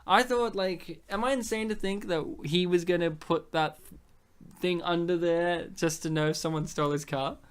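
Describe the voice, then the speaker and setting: A woman's voice: fairly low pitch, fairly even intonation, moderate pace, smooth. A woman co-hosting a casual film commentary, laughing often, swearing freely and slipping into silly voices as she talks. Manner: giggly, swears a lot, does silly voices. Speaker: podcast co-host.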